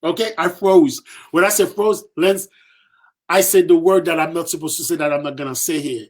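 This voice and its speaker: A man on a podcast tells a story with real animation, repeating phrases for emphasis and slipping into the voices of the people he quotes. His voice sits a bit high for a man. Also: steady tone, normal speed. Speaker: podcast guest.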